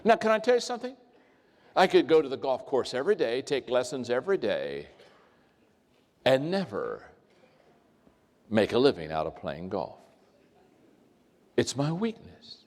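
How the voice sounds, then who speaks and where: A man's voice: medium pitch, measured pace, pauses often. An older man giving a humorous speech to a live audience, telling stories with jokey asides. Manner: storytelling, animated, jokey asides. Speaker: motivational speaker. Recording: long reverb of a large hall.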